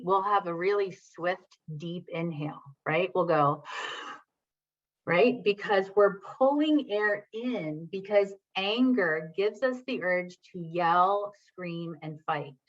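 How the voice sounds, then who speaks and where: Low, bright-voiced woman presenting a workshop. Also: slow, lo-fi sound. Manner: conversational, often checks in with "right?"; addresses audience and reads chat comments. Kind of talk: live online workshop talk.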